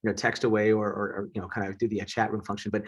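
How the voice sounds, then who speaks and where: Fast-talking, husky male eye surgeon. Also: lowish voice, level tone. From United States (Southeast Wisconsin). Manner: fast, chatty, self-joking. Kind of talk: casual online lecture. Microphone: video call.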